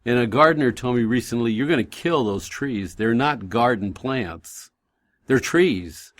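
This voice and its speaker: A man hosting a faith radio show, gently encouraging listeners and telling stories in a calm, reassuring way. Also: medium pitch, a little slow. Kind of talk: encouraging faith talk and storytelling.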